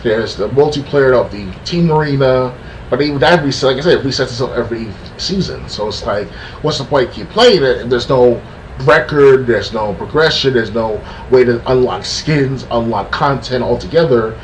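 A man's voice: mid-range voice, normal speed. A man ranting on a casual podcast, frustrated and rambling, stumbling and restarting often. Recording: distant mic with faint background noise.

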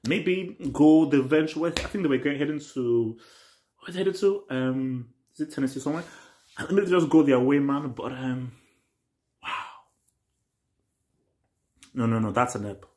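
At normal speed and with frequent pauses, a young reaction channel host chats loosely through a TV reaction video. He repeats himself and wanders, alternating excited outbursts with low mutters.

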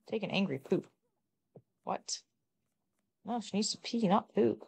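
A woman giving casual, joking gameplay commentary, blunt and quick to swear. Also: mid-range voice, creaky, darkish tone, breathy edge. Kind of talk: casual let's-play commentary.

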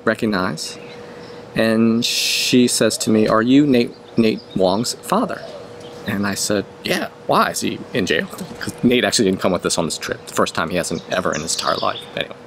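A man's voice: on the low side, expressive, fairly quick, creaky, slight background noise. A middle-aged man telling a personal story in a casual, rambling way, often restarting and correcting himself. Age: 50s.

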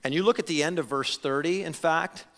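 A man preaching a conversational sermon as pastor, animated, with frequent restarts and repeated words. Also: fairly high pitch, fairly quick. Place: church sanctuary. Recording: reverberant church hall.

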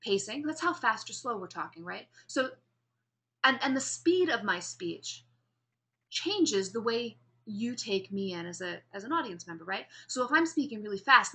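Bright-voiced woman lecturing a class. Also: medium pitch, lively intonation. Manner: explanatory, demonstrates pace and pauses while speaking. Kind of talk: classroom lecture on public speaking.

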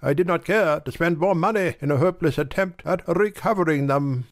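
A man voicing a shabby, learned middle-aged gentleman down on his luck, in a dramatic audiobook reading, speaking carefully and apologetically. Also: a little high, a little fast, voice pushed up, close to an everyday voice. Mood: rueful.

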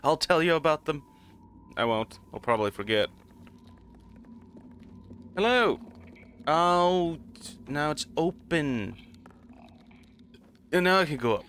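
Bright-voiced man joking through a game. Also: a little high, expressive, moderate pace, pauses often, slight background noise. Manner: rambling, self-mocking, laughs often. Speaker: gaming channel host. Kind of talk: casual let's play commentary.

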